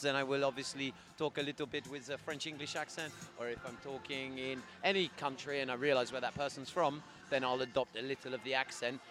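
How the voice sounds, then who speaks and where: Male magician, rapid street vox pop. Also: medium pitch, fairly bright tone. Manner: fast-talking, casual.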